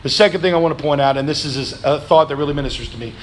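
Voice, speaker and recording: A man with a high voice delivers a sermon in a church, pressing the congregation for call-and-response answers. He swings from shouted pleading down to hushed, reflective lines, with faint room ambience behind him. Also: rapid-fire, a little hiss or hum. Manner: preaching with call-and-response, rising to shouts then dropping low. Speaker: pastor. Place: church sanctuary.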